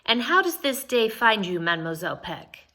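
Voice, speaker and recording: A woman's voice: fairly high pitch, sing-song, moderate pace, bright, forceful tone, full character voice. A woman voicing an eager, formal French missionary priest who is a grown man.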